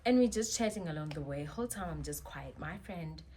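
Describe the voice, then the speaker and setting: A woman telling a personal story as a vlogger, chatty and expressive with many asides. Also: low voice, brisk, slight background noise. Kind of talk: storytime monologue.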